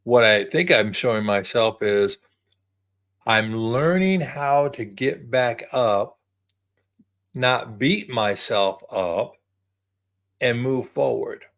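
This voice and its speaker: A man's voice: medium pitch, takes it slowly, pauses often, a bit bright. A man in his early sixties talking to camera in a casual, rambling, reflective way, often repeating words. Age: 60s. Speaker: vlogger.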